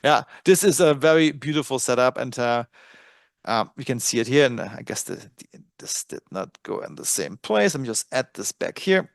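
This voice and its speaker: A man's voice: medium pitch, lively intonation, normal speed, gravelly, dry recording, studio quality. A man with a German accent hosting a live trading webinar, talking casually and thinking aloud with frequent fillers. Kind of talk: live screen-share webinar.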